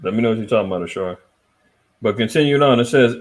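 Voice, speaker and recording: A man hosting a casual news commentary livestream, reading articles aloud and answering his chat in a lively, swinging voice. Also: rapid-fire. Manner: animated, swinging between loud and low, reads articles aloud, talks to chat. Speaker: host.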